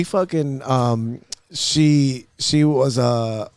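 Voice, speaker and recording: A man's voice: medium pitch, moderate pace, darkish tone, no echo. A man hosting a podcast, telling school stories in loose, profane casual chat in a studio. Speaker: podcast host.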